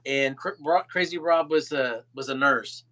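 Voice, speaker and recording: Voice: mid-range voice, normal speed, pushed and bright. Easygoing podcast host telling a story. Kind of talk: casual chat.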